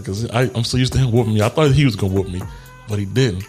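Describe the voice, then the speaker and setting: A man's voice: on the low side, rapid-fire, darkish tone, faint music behind. A man telling a personal story in a candid, reflective way, laughing often and swearing casually as he works through grief. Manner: reflective and grieving.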